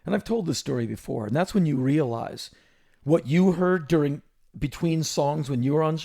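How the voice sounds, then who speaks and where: Gravelly middle-aged male storyteller. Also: on the high side. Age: 50s. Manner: animated, quick restarts and "like" fillers. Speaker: podcast host. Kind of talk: casual storytelling chat.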